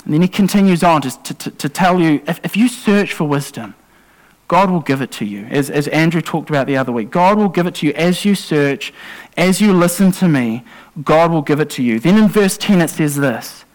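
A man's voice: a little high, animated, fairly quick, rough recording. A man preaching a sermon to a congregation in a conversational way, with asides and self-corrections. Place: church congregation.

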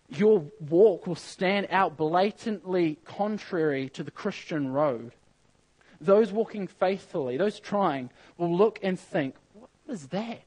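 A man's voice: on the high side, a little mellow, low-quality recording. A man preaching a sermon in an earnest, emphatic way, reading scripture aloud and repeating phrases as he builds a point.

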